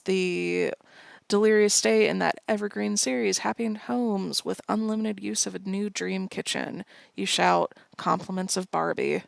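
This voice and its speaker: A woman's voice: on the low side, gravelly, no room sound. A woman co-hosting a podcast, playfully reading out a list of audience callback lines in casual chat. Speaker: podcast co-host.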